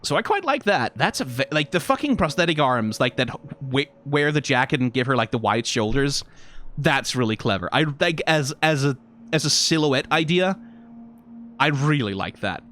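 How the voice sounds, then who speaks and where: A man reacting to game character designs in casual, rambling commentary, full of fillers, restarts and sudden excited jumps. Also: normal speed, slight background noise. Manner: rambling, frequent fillers and self-corrections; animated, pitch jumps when excited.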